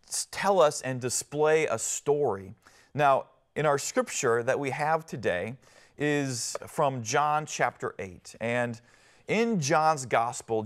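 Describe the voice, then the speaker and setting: A pastor giving a televised sermon in an earnest, conversational way, often pausing with fillers and restarting his phrases. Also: mid-range voice. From Northwest Ohio.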